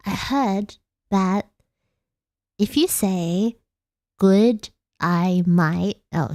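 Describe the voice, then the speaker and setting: A woman's voice: on the low side, a little mellow, no echo, studio quality. Giggly Australian woman streamer. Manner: giggly, rambling, self-deprecating. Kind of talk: casual late-night chat stream.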